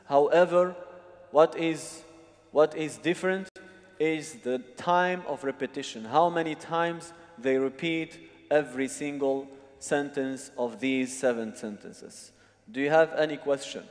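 In a long, reverberant hall, a man with a slightly high voice teaches a religious seminar at a measured pace. He explains things one step at a time, frequently making sure listeners are following along.

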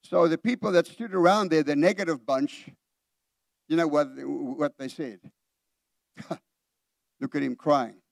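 Preaching with animation in church, a middle-aged pastor addresses the congregation directly with questions and performs the voices of those he quotes. His voice is a little high and gravelly, measured in pace, with frequent pauses, and the studio-quality recording has no room sound.

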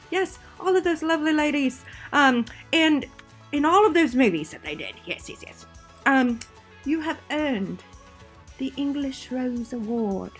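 A woman theater teacher presenting awards in a playful, theatrical, jokey way, often interrupting herself. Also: high voice.

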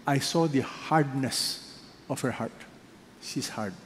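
Filipino pastor preaching in an echoey hall. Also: male voice, mid-range voice, slow pace. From Philippines. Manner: preaches with many rhetorical questions, swinging between loud emphasis and hushed asides. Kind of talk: sermon. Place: large church hall. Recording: echoey hall, faint background noise.

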